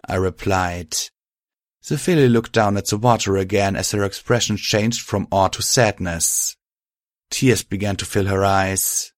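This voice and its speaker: A man narrating a first-person story in a calm, even manner. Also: lowish voice, a little slow, dry recording, clean studio sound.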